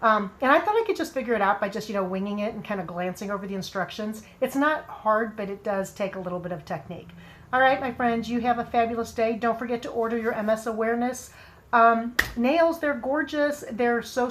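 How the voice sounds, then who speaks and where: A woman casually demonstrating how to apply nail strips, chatting and rambling with friendly asides, a frog in her throat that makes her clear it now and then. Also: fairly high pitch, brisk. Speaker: nail product seller demonstrating application.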